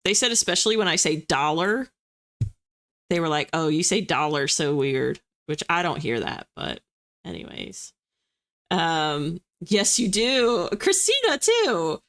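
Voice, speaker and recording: Chatting casually with her viewers and reading their comments, a young East Coast streamer makes fun of herself. Her voice is low and fairly bright, and she speaks a little slowly.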